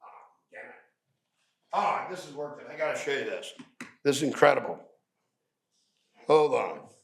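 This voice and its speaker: A man with a Southern American accent running a lively training session, joking and quizzing his audience. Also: mid-range voice, moderate pace, gravelly. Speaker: refrigeration trainer. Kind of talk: lively live training talk. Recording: echoey room, mic at a distance.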